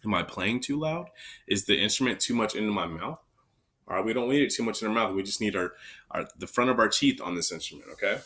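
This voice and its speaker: A man's voice: on the low side, lively intonation, fast talker, bright, forceful tone. A man teaching an elementary recorder lesson, counting students in and calling out note names step by step. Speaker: music teacher.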